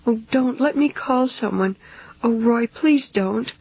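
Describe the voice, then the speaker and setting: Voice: medium pitch, a little slow, husky, no room sound, voice pushed up. A reader voicing a frightened adult housewife who pleads in a raised, strained voice. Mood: panicked. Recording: dull lo-fi 1970s audiobook tape.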